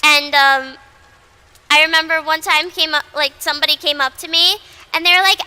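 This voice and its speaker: A woman's voice: high voice, steady tone, normal speed, sharp tone. A woman VTuber in casual livestream chat who rambles, repeats herself, swears freely and mocks herself bluntly. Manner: blunt and self-mocking. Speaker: VTuber streamer.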